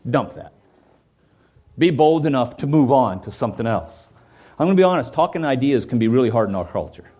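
A man's voice: medium pitch, expressive, fairly quick, warm tone. A man preaching a sermon in a conversational way, often checking in with "okay?" and acting out quoted voices. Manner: acts out quoted voices and jokes. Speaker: pastor.

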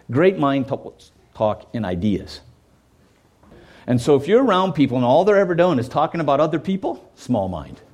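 Male pastor, sermon, lively up-and-down delivery, slightly high voice, chatty asides, acts out quotes. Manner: conversational preaching, frequent "okay?" check-ins.

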